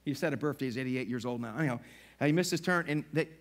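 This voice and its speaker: A middle-aged man pastor preaching a sermon in a church, animated and acting out little voices as he talks. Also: medium pitch, fast talker. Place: church sanctuary.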